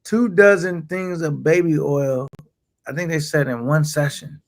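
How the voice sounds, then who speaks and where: A man's voice: on the high side, fairly even intonation, measured pace, no echo. A man in casual, profane podcast banter, teasing and laughing.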